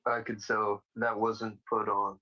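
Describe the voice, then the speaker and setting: A man's voice: fairly low pitch, level tone, measured pace, bright, forceful tone, recorded from a distance. A man on a livestream panel speaking emphatically and insistently. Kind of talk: casual livestream panel chat. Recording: lo-fi stream audio.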